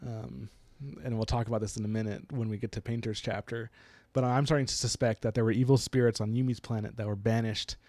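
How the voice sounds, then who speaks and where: A man's voice: lowish voice, little pitch movement, fast, few pauses, dark tone, no echo. Man, casual book podcast chat, retells scenes in quoted voices, dry close sound. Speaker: podcast co-host.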